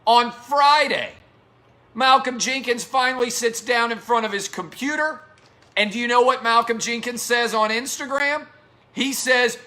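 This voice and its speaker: A man's voice: extremely high pitch, measured pace, sharp tone. Heated, sarcastic male show host. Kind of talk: sports opinion commentary.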